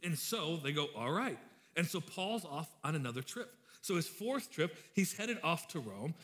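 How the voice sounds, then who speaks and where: A male pastor in his thirties delivers a sermon in a loose, conversational way. His voice sits a bit high, and he tells jokes and stories as he goes. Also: big pitch swings, moderate pace, fairly bright tone. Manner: joking storyteller, chatty and informal.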